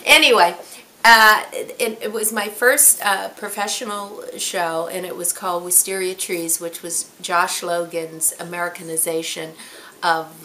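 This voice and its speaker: A woman in her sixties, a stage actress, telling an anecdote in a lively storytelling manner, acting out the quotes. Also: lowish voice, vocal fry, slight background noise. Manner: animated, acts out quotes.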